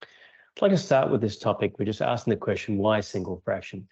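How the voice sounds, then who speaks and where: A man, a radiation oncologist giving a measured, technical conference talk over a video call. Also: lowish voice, a little mellow, slightly rough. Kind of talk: prepared conference lecture. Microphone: remote video call. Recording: dull lo-fi video call audio.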